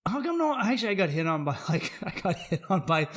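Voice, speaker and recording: A man hosting a comedy podcast, ranting in a brash, profane and animated way and swearing freely. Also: fairly high pitch, quick pace. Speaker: podcast host.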